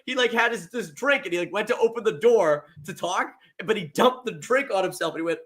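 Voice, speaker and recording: A man's voice: high voice, lively intonation, quick pace, fairly bright tone. A man co-hosting a podcast in casual chat, telling stories animatedly, laughing often and acting out what others said. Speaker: podcast co-host.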